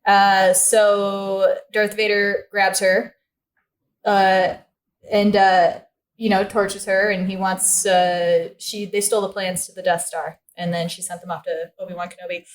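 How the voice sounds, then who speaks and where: A woman's voice: medium pitch, level tone, measured pace. A woman co-hosting a podcast, chatting casually and animatedly, swearing and laughing as she retells scenes. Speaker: podcast co-host. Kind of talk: casual chat. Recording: roomy echo.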